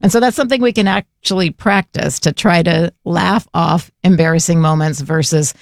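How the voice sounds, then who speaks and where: A woman's voice: fairly low pitch, normal speed, no room sound, studio quality. A woman telling a funny personal story in a casual way and laughing through it.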